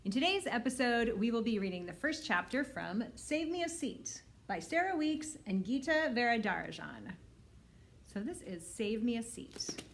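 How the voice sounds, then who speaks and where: A woman librarian reading a children's novel aloud in a clear, steady storytelling manner. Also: fairly high pitch, moderate pace, a little hiss or hum.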